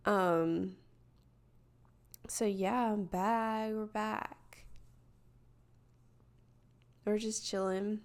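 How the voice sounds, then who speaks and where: Solo podcast host, woman; slow, meandering, candid delivery with a smooth, clean voice. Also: medium pitch, fairly even intonation. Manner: hesitant, rambling, filler-heavy; reflective and candid. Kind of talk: casual solo podcast talk.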